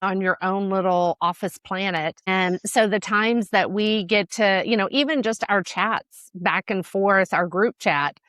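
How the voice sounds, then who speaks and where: A woman co-hosting a relaxed podcast chat, easygoing and quick to laugh. Her voice sits at an ordinary middle pitch. The sound is close and dry. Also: no echo. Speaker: podcast co-host, travel advisor.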